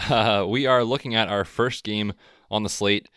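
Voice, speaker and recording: A man co-hosting a podcast, chatting casually about football with a relaxed, chatty manner. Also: lowish voice, moderate pace, smooth, no echo, clean studio sound. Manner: relaxed, chatty, frequent fillers. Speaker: podcast co-host. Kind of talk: casual sports chat.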